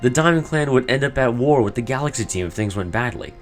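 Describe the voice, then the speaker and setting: A man's voice: mid-range voice, animated, fast, faint music behind, pitched above the performer's own voice, close to an everyday voice. A man voicing an earnest, sympathetic clan member, reading game dialogue aloud in an apologetic tone.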